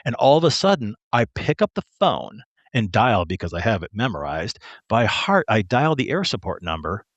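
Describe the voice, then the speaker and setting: A middle-aged man from Michigan, a retired police pilot telling stories as a podcast guest, animated and acting out the voices of people in them. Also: fairly low pitch, moderate pace, no room sound, dull audio. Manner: animated, acts out quoted voices. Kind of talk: casual storytelling.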